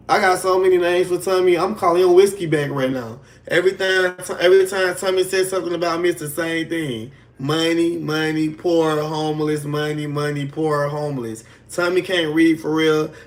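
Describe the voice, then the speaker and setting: A man on a casual livestream, trash-talking a rival with mocking, sing-song insults. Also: on the high side.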